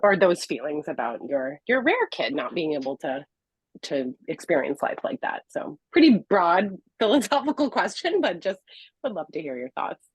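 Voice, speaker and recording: Female moderator, hesitant, husky, low, dry muffled sound. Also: big pitch swings, normal speed, no room sound. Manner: hesitant, filler-heavy questioning. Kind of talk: roundtable discussion.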